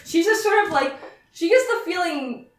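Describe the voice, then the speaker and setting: A woman narrating as game master of a tabletop role-playing game, in a relaxed, descriptive way. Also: very high voice, moderate pace. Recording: roomy, distant mic.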